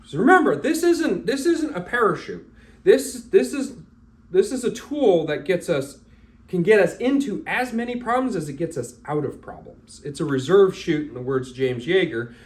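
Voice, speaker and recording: A man's voice: high-pitched, expressive, normal speed. A man teaching as a firearms instructor in a loose, casual talk, blunt and a little profane, acting out little scenes as he goes. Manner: blunt, profane, acts out scenarios.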